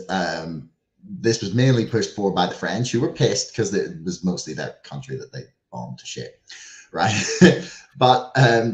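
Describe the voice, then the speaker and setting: A man's voice: fairly low pitch, darkish tone. A podcast co-host in casual chat, rambling and profane, padding his story with "like" and "right". His voice carries a roomy echo.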